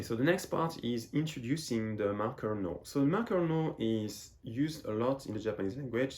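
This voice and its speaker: Low-voiced man from France teaching a lesson. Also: darkish tone. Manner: patient, repeats phrases while explaining. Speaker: Japanese teacher. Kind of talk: explaining lesson.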